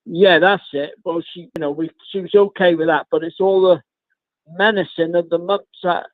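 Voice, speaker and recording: Man, caller, rambling, fairly high voice, tinny dry phone line. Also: steady tone, moderate pace, no echo. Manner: rambling, says mate a lot, frequent ums. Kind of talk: casual phone chat.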